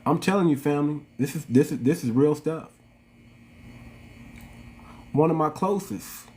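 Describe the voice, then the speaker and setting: A man with an African American English accent rants through a livestream monologue, his voice sitting a little high. He preaches and repeats himself, calling his viewers family. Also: unhurried, darkish tone. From United States. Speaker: channel host.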